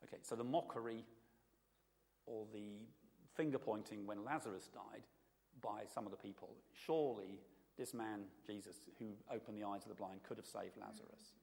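A man preaching a relaxed, chatty sermon, his voice gravelly with a low rasp. He keeps turning to his listeners with quick asides and questions. The sound rings out with the long echo of a large hall. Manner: conversational, asks the audience often. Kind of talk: informal sermon.

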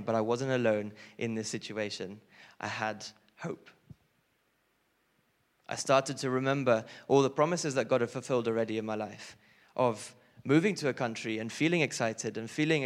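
Earnest young man giving a testimony. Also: medium pitch. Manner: earnest, rises with emotion on key points. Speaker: speaker sharing a testimony. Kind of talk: personal testimony sermon.

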